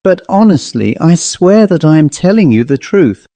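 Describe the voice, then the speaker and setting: A man's voice: fairly high pitch, big pitch swings, moderate pace, warm tone, dry recording, pitched above the performer's own voice. A man doing a boastful, teasing young clerk. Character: boastful, fanciful young male office clerk.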